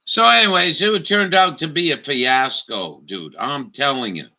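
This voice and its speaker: Slow, ranting, profane man. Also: a little high, animated, bright, forceful tone. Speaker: vlogger. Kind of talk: profane storytelling rant. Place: camper.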